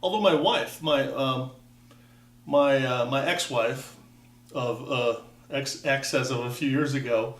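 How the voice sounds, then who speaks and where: A man's voice: mid-range voice, slow pace, a bit bright, distant mic. A man in his fifties from Wisconsin wanders through a personal story, stopping and restarting with dry, self-mocking asides. He sits back from the microphone in an echoey room. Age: 50s. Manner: rambling, self-interrupting, wry. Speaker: vlogger. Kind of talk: casual personal monologue.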